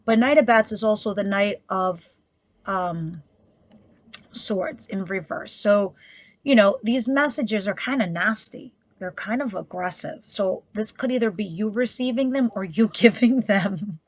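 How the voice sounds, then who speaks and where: A woman's voice: medium pitch, a little slow, no room sound. A woman giving a casual tarot reading to her viewers, talking bluntly and chattily with frequent asides. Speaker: tarot reader.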